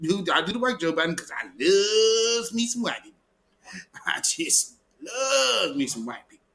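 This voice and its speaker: A man's voice: sits high, sing-song, a little slow, vocal fry, bright, forceful tone, voice pushed up, exaggerated voice. A man doing a fawning, sing-song money beggar. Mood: mocking. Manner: sing-song, taunting, repeats "beep beep".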